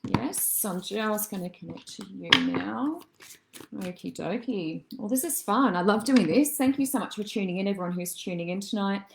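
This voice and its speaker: A woman as a psychic medium doing a live-stream reading. She chats with viewers, calls them darling and love, and wanders through her thoughts with soft fillers. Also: mid-range voice, animated, moderate pace, vocal fry, very noisy. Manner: chatty and meandering, many soft fillers.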